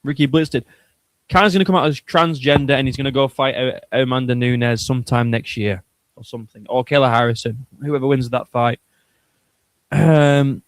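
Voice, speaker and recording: A man's voice: mid-range voice, no echo. A man hosting a casual livestream, chatting in a joking, crude and rambling way. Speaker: streamer host.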